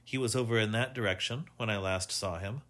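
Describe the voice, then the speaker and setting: A man reading a smooth, watchful inspector. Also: on the low side, a little fast, fairly bright tone, lightly acted. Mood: polite. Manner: polite, smooth. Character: polite, watchful middle-aged male police inspector.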